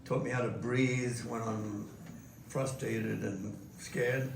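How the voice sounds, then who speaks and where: A man's voice: medium pitch, steady tone, takes it slowly, vocal fry. An older man, a guest at a live stage interview, telling anecdotes with chuckles. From Australia. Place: museum event hall with audience. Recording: echoey hall from far off, noisy.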